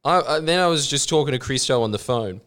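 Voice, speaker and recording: A man telling an anecdote to a friend in relaxed conversation. His voice is bright and forceful, and his delivery swings up and down as he acts out the people in the story. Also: mid-range voice, fast talker. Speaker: co-host. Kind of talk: casual chat.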